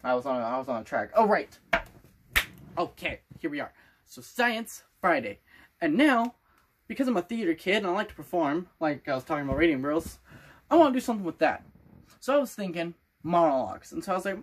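A sixteen-year-old boy talks casually to the camera in a vlog, rambling playfully in a loose made-up accent. His voice sits high, swings widely in pitch, and moves fast.

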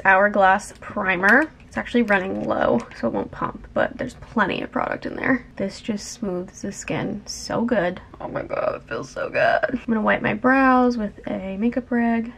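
A woman's voice: medium pitch, gravelly, a bit bright. A young woman vlogger chatting casually as she talks through her makeup routine. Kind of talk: casual vlog chat.

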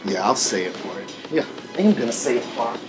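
Cranky boston store clerk in his thirties, swears a lot, sarcastic and blows up fast. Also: high voice, expressive, music in the background. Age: 30s. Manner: crude, sarcastic, quick to explode. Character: foul-mouthed Boston store clerk, hot-tempered. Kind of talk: sitcom acting.

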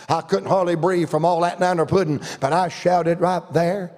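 In a church sanctuary with long reverb, an older Southern American man preaches a storytelling revival sermon that's folksy and full of humor. He speaks at a moderate pace in a high-pitched, somewhat dark voice with fairly even intonation.

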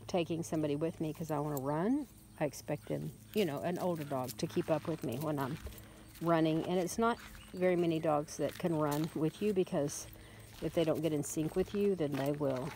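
Woman breeder, lowish voice, relaxed walk-and-talk, phone mic outside, rural noise behind. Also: normal speed. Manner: chatty, talks to the dog in a coaxing voice. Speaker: dog breeder. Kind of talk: casual vlog while walking a puppy. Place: outdoors on a rural road.

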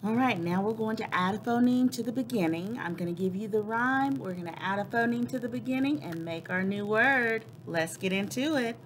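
A woman teacher leading young children through a phonics lesson, clearly sounding out word parts and encouraging them. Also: on the high side, brisk, hardly any pauses, slight background noise. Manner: encouraging classroom tone.

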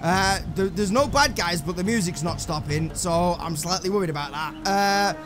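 An English man giving excitable, swearing let's play commentary to himself while he plays, with game music behind him. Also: high-pitched, moderate pace. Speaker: gameplay commentator.

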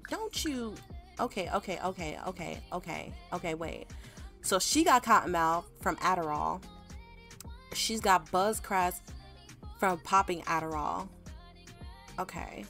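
A woman giving casual, animated gameplay commentary, full of slang and sudden shrieks of mock alarm. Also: on the low side. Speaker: gaming YouTuber.

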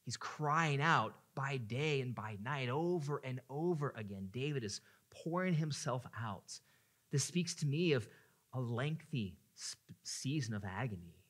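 A man preaching a sermon as a pastor, earnest, at times swelling into impassioned pleading and at times dropping to a hush. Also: medium pitch. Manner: earnest, rises to impassioned pleading in voiced prayers.

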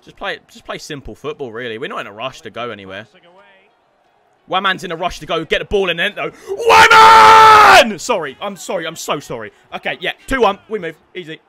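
A man giving excited video game football commentary, pleading with his players, screaming at goals and then apologizing for the noise. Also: fairly high pitch, quick pace. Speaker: gaming YouTuber.

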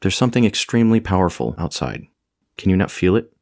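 A man's voice: deep voice, very animated, quick pace, a little mellow. A man voicing a proud, powerful warrior queen and sorceress in an audiobook, cold and commanding. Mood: quiet. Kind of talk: audiobook character voice.

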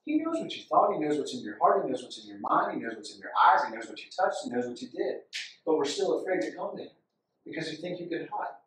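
A man preaching a sermon, impassioned and repetitive, rising loud when he reads scripture aloud. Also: a little high, sing-song, quick pace, slight background noise. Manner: impassioned, repeats phrases, rises loud when reading scripture. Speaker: pastor. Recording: echoey hall, from far off.

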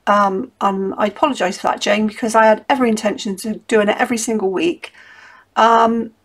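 A woman's voice: medium pitch, fairly even intonation, a little fast. A middle-aged woman, chatting casually and rambling through a craft tutorial at her desk. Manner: chatty, rambling, self-interrupting. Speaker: craft vlogger.

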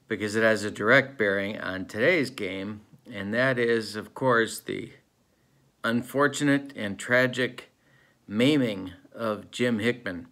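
A man hosting a tabletop baseball replay, narrating in a mock-serious sportscaster tone with deadpan jokes and a relaxed flow full of fillers. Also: lowish voice. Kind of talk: play-by-play style narration of a tabletop game replay.

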